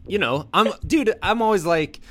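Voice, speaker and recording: A young man hosting a podcast in casual, self-deprecating chat that comes in quick bursts. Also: high-pitched, lively intonation, a bit bright. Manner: laid-back, self-deprecating, talks in bursts. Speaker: podcast host.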